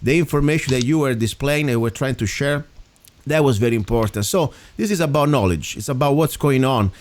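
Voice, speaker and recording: A man's voice: mid-range voice, brisk. A man with an Italian accent hosting a local talk radio show, speaking earnestly and rambling between points. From Italy. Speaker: radio host.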